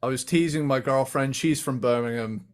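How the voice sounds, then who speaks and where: A man's voice: medium pitch, normal speed. A man with a mixed British and American accent co-hosting a music podcast, telling stories and laughing often. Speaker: podcast co-host. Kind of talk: casual chat.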